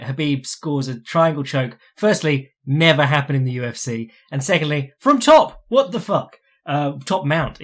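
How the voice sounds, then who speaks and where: A man talking casually as a podcast host, animated and sweary, mocking other people's voices when he quotes them. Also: mid-range voice. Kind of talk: casual chat.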